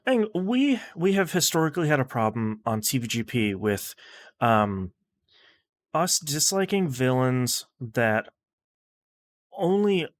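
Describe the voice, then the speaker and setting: A man co-hosting a casual film podcast, agreeable and quick to chime in with short affirmations. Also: mid-range voice, big pitch swings. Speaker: podcast co-host.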